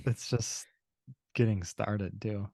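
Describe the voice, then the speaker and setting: A man's voice: fairly low pitch, steady tone, slow, gravelly, mellow, dry recording, clean studio sound. A man hosting a casual sports podcast, laid-back and teasing with his co-host.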